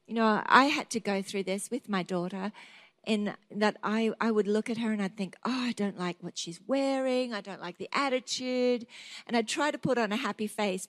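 A woman's voice: on the high side, no room sound. A middle-aged woman preaching a sermon, telling personal stories and acting out her own thoughts in an earnest way. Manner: earnest, storytelling, acts out quoted thoughts.

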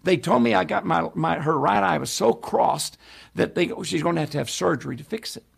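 A man preaching a sermon, telling a story with animated delivery and acting out the voices of people in it. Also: on the high side, brisk, vocal fry, husky.

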